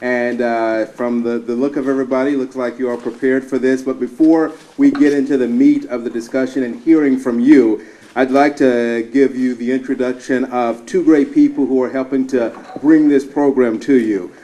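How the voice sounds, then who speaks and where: A weatherman opens a town hall as its moderator. His voice is mellow and warm, sitting at a mid pitch, and he keeps his introductions upbeat. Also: fairly even intonation, moderate pace. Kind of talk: event hosting.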